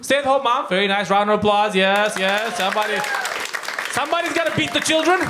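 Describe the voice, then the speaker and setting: A man from Romania doing live crowd work as a stand-up comedian, teasing and rambling with quick asides. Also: sits high. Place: comedy club with audience. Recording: loud crowd and background noise. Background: audience laughter.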